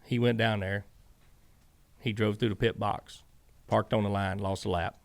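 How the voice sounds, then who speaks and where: A man's voice: fairly low pitch, moderate pace, vocal fry. A man, a former crew chief and podcast guest, telling long stories in a casual interview and acting out what each person said. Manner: animated storyteller, acts out quoted dialogue.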